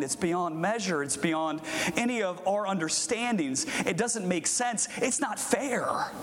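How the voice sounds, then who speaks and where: A male pastor giving a conversational sermon, animated and quick to laugh. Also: high-pitched. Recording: long hall reverb, faint hiss.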